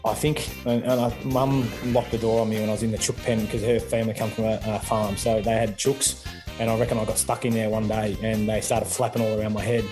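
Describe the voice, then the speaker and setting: A man's voice: on the low side, brisk, music in the background. A man in his thirties with an Australian accent, a former footballer chatting casually as an interview guest and calling the host mate. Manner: relaxed, laid-back, says mate often.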